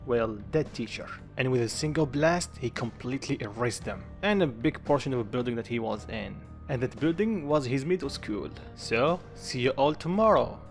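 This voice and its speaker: A man's voice: medium pitch, expressive, fairly quick, hardly any pauses, darkish tone. A man reading a dramatic fan-fiction story aloud and doing every part himself, with small grammar slips. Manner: reads all lines himself, quotes only lightly acted; non-native grammar slips. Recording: faint music behind the voice.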